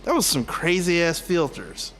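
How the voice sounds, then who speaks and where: Animated man in laid-back gaming chat. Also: a little high, normal speed, slight background noise. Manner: animated, laughs a lot, acts out game lines. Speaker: streaming show co-host.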